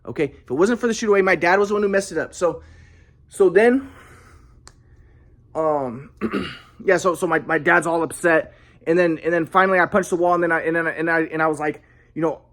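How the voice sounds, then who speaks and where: A young man telling a personal story in a halting way, often repeating words and restarting. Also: on the high side, fairly bright tone. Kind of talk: casual storytelling monologue.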